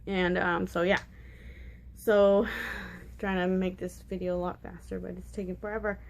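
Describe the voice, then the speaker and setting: With a lowish, gravelly voice that barely moves in pitch, a twentysomething woman tells a personal story at a moderate pace in a casual vlog. She's rambling and candid, packed with fillers and restarts, and giggles at the awkward parts.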